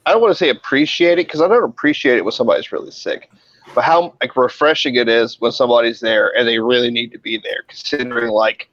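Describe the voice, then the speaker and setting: A man's voice: medium pitch, fast talker, no echo, highs cut off. A man who works in a hospital emergency room, telling stories in a casual group chat, swearing freely and acting out the people in them. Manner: animated, swearing, acts out voices in his stories.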